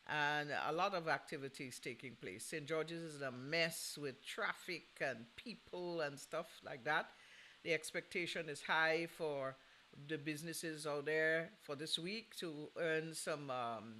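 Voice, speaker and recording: Bright-voiced chatty man host. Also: fairly high pitch, a little slow, a little hiss or hum, low-quality recording. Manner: chatty and playful, teasing listeners with laughs. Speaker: radio show host. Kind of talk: casual chat between records.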